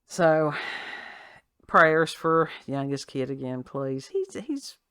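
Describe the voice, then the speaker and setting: A woman's voice: low voice, sing-song, slow pace, a bit bright, clear, resonant tone, no room sound, clean studio sound. A woman hosting a casual talk show, reading a news story aloud with sarcastic asides and frequent laughs. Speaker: podcast host. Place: at home with her child nearby.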